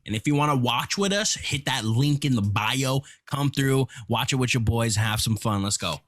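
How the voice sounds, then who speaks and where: A man's voice: mid-range voice, expressive, normal speed, a bit bright. A young adult man co-hosting a casual podcast, tossing out slangy, playful banter. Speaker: podcast co-host.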